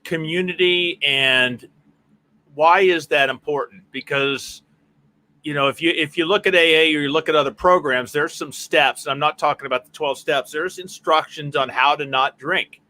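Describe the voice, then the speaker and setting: Bright-voiced male interview host. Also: on the high side. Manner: asks questions in halting, restarting phrases.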